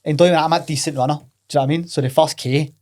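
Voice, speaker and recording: Fast-talking Scottish man, animated. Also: on the high side. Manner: animated, swearing, laughing storyteller. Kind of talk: casual chat.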